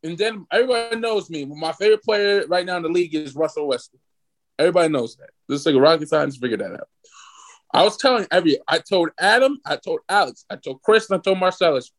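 A man in his twenties hosting a podcast, ranting excitedly and swearing freely in casual sports chat. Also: a little high, fast talker. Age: 20s. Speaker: podcast host.

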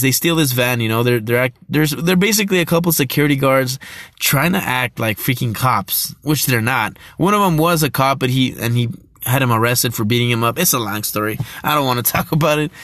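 A man's voice: medium pitch, fairly bright tone, no room sound, clean studio sound. A young man in casual talk about movies, rambling, laughing often and swearing loosely as he records on his phone. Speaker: vlogger.

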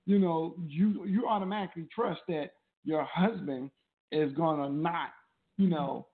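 A man's voice: a little high, unhurried. A man co-hosting a talk show, giving relationship advice in a loose, conversational way, often repeating words as he thinks. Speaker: co-host of a marriage talk show. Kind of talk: casual advice chat. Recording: tinny phone-like sound.

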